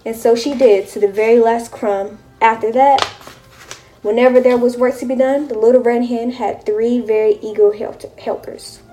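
A woman reading a children's storybook aloud, keeping a steady, rhythmic pace. Her voice sits fairly high but sounds mellow and warm. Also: normal speed, a little hiss or hum. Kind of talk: reading a picture book aloud.

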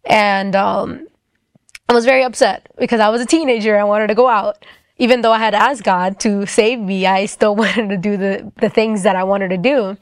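A woman's voice: medium pitch, fairly even intonation, moderate pace, no room sound, clean studio sound. A young woman telling her faith testimony casually, rambling with lots of fillers. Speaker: guest telling her story.

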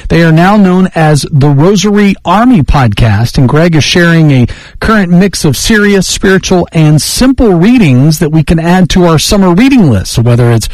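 High-voiced male host introducing a show. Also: animated, normal speed, a little mellow, no echo, rough recording. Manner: upbeat promotional delivery.

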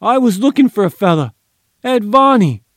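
A man's voice: a little high, normal speed, a little mellow, no echo, studio quality, lightly acted. A man voicing a frightened small-time male crook who stammers and whines in an audiobook. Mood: whining fearful. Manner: stammering, whiny, fearful. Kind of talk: audiobook character voice.

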